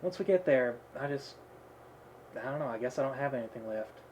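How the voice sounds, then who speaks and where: A man's voice: mid-range voice, expressive, fairly quick, a little mellow, slight background noise, lightly acted. A man voicing a weary grieving boatwoman.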